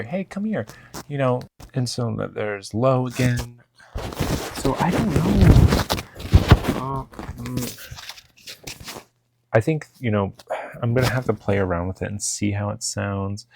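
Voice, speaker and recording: A man's voice: on the low side, creaky, background noise. A young man casually rambling through a gear test, full of fillers and restarts. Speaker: vlogger testing a lavalier mic.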